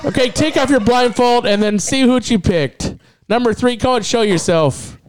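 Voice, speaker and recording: A young man hosting a comedy dating show, loud and teasing. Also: very high-pitched, moderate pace. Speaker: show host.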